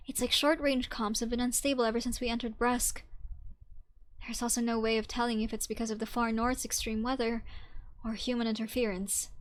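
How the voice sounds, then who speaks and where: A woman's voice: a little high, close to an everyday voice. A woman voicing an earnest young female leader who speaks carefully and seriously.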